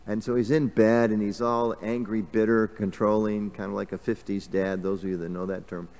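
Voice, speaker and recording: Guy giving a temple class, lowish voice, rambly and conversational, lots of "you know". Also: level tone, normal speed, darkish tone. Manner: conversational, lots of fillers and restarts, asks the audience. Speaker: class speaker. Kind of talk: casual scripture class. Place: temple hall.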